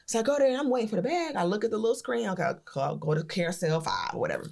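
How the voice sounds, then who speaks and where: Woman, podcast co-host, lively swearing storyteller. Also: mid-range voice, racing, creaky. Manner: animated, swears freely, acts out voices in her stories. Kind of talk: casual storytelling chat.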